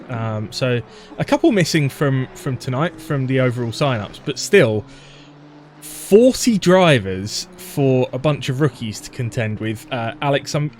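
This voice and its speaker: A man of middling pitch hosts a sim-racing stream, reading chat greetings and throwing questions to his co-hosts. He sounds upbeat, with plenty of ums and uhs. Faint noise hums behind. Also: darkish tone. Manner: upbeat, reads out viewer chat, hesitant fillers. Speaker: live stream race commentator. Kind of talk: casual live-stream commentary chat.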